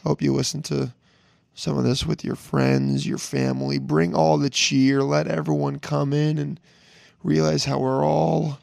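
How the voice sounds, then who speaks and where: A young man hosting a casual podcast, hoarse from a lost voice, rambling and joking with plenty of swearing. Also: fairly high pitch, level tone, unhurried, a little mellow, no echo. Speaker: podcast host. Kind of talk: casual solo podcast intro.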